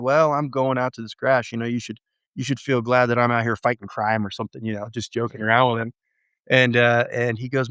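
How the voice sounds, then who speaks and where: A man telling his story as an interview guest, halting and restarting often, with lively acted-out quotes. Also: mid-range voice, dry recording, studio quality. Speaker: real estate investor guest.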